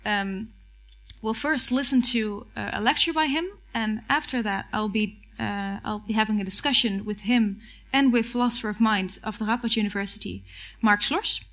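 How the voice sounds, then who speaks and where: A woman moderating a public talk, soft and hesitant with frequent pauses. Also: medium pitch. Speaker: event moderator.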